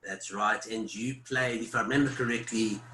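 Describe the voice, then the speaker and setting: A man moderates a panel over a video call, feeding the guests details and cues. His voice is bright, and it echoes in the room around him. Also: fairly low pitch, steady tone, moderate pace. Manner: prompting, recalls details for guests. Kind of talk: hosting an online panel.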